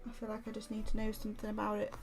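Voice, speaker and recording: A woman's voice: medium pitch, monotone, rapid-fire, music in the background. A woman from Derbyshire hosting a casual livestream from home, chatting in a rambling, giggly way. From Derbyshire, England. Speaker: livestream host. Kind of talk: casual livestream chat while stitching.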